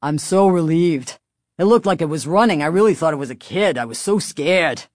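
A woman's voice: deep voice, expressive, normal speed, no room sound, studio quality. A woman voicing a short, stocky male steamroller driver, relieved and apologetic after a scare, in a storybook reading. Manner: shouting, then relieved and apologetic.

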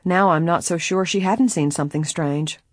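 A woman voicing a young woman innkeeper, an earnest, worried bride-to-be, in a dry, husky-toned audiobook reading. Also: on the low side, moderate pace, no room sound, natural voice. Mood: confiding. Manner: earnest, confiding.

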